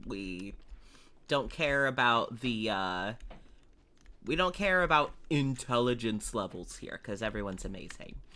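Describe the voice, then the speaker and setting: A woman's voice: low-pitched, a bit bright. A woman streaming a farming game, chatting casually and explaining how things work. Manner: chatty and explanatory, with small laughs. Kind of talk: casual let's-play commentary.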